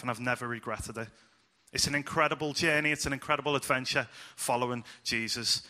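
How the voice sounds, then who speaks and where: A man preaching an informal sermon to a church congregation, lively and chatty, asking the children questions and joking with them. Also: on the high side.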